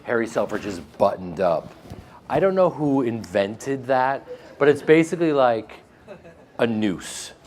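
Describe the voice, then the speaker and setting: A man with a flat Midwestern American accent, answering interview questions in a casual, joking way and laughing often. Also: mid-range voice, measured pace. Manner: animated, joking, laughs often, with frequent restarts. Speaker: actor being interviewed.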